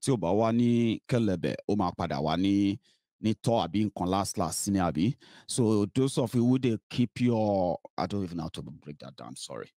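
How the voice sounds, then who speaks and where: A man's voice: on the low side, expressive, normal speed, warm tone, dry recording. Scolding Nigerian man, dry close sound. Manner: mocking and scolding, mixing pidgin and Yoruba. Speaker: political commentator. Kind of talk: heated political commentary.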